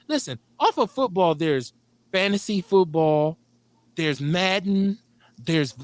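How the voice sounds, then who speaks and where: A middle-aged man from Milwaukee hosts a casual talk show. His pitch sits a bit high and jumps around freely as he rants with plenty of swearing and laughter. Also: no echo. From Milwaukee, Wisconsin. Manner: animated, profane, laughing often. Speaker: radio show host. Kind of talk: casual chat.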